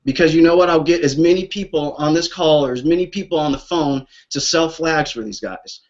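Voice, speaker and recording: A man's voice: a little high, a little fast, highs cut off. Impassioned blunt man on a call. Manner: emotional, blunt, swears, repeats himself. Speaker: organizer of a veterans' flag program. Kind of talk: impassioned talk on a group call. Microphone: call line.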